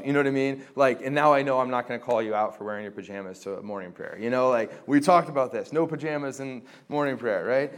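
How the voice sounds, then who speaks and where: A man's voice: medium pitch, fast talker, hardly any pauses, clean tone. A young man giving a casual teaching talk to a group on reconciling relationships, chatty and full of fillers, acting out quoted conversations. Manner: conversational, many fillers, acts out quoted exchanges. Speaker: Christian formation teacher.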